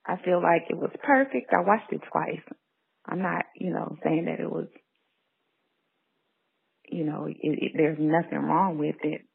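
A woman caller leaving a soft, halting message over the phone, stopping and restarting often. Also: deep voice, gravelly, husky. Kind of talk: voicemail message. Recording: tinny phone line.

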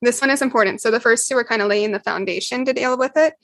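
A woman, a mother, calmly explaining parenting steps in a podcast interview. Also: fairly high pitch, fast, no echo. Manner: calm, explanatory, acts out quotes with laughs. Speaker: parenting guest.

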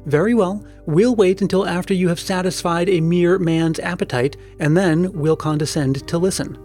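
A man's voice: high voice, normal speed, a little mellow, soft background music, lightly acted. A man voicing an eager, curious young woman who is a rich man's daughter, in a storybook reading. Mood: mock offended.

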